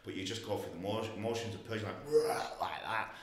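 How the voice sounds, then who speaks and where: A man's voice: on the low side, quick pace. A man telling a personal story in casual talk, acting out voices and swearing freely. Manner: animated, swearing, acts out voices. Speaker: guest. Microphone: podcast mic. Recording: echoey room.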